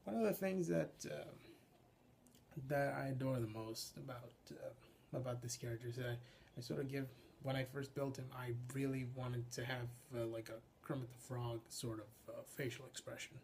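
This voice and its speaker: Young adult man, puppeteer, informal explanation, halting delivery, frequent restarts, faint background hiss. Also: medium pitch, steady tone, vocal fry, darkish tone. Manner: halting, restarts sentences, frequent filler sounds. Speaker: puppeteer and voice actor.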